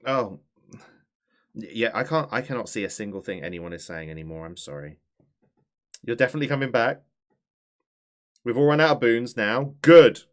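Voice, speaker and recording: A man's voice: lowish voice, normal speed, pauses often. Casting: man, game streamer, chatty and swearing, voice that leaps up and down. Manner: animated, chatty, swears, talks to chat. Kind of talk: live-stream gameplay commentary.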